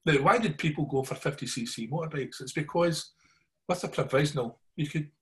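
Middle-aged Glaswegian man, slightly high voice, lively storyteller who keeps asking if you follow. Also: fairly quick. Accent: Glaswegian Scottish. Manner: animated yarn-spinning, keeps checking in with listeners. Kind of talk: casual storytelling chat.

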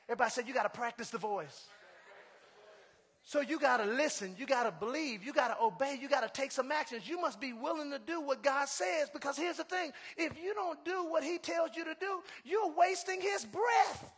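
A male pastor preaching a sermon, stressing his points with repeated refrains and building to shouts. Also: extremely high pitch, fairly quick, big-room sound.

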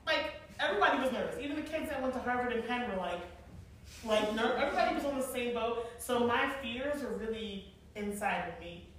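A woman in her forties telling stories to a live audience, animated and chatty, often laughing. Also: a little high, fairly quick, a little hiss or hum. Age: 40s. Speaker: event planner and speaker. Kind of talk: storytelling talk to a live audience. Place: large room with an audience. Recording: echoey room, mic from far off.

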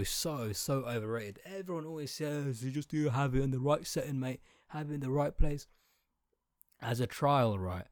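A man's voice: fairly low pitch, no room sound. Brief: a man from outside Britain, a profane comedic ranter with a dry, close sound. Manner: exaggerated, swearing, talks straight to the listener. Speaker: comedic commentator.

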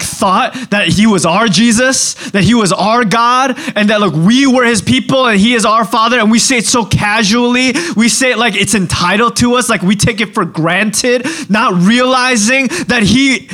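A man preaching a sermon in a casual, conversational way, full of fillers and restarts, often dropping to a hushed, earnest voice. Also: high-pitched.

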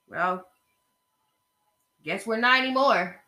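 Bright, sassy woman podcast host. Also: fairly high pitch, measured pace, pauses often. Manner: chatty, sassy, talks straight to listeners. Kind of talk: casual gossip commentary.

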